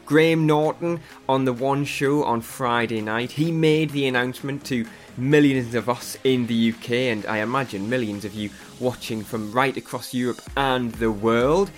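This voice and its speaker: A man's voice: mid-range voice, fairly even intonation, moderate pace, few pauses, faint music behind. A man hosting a podcast, chatty and laughing between lines. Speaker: podcast host. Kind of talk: casual podcast chat.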